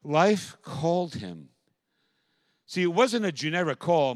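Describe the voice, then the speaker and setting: A man preaching a sermon as pastor, moving from quiet, reflective passages to loud, impassioned calls. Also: high voice, very animated, unhurried, no echo.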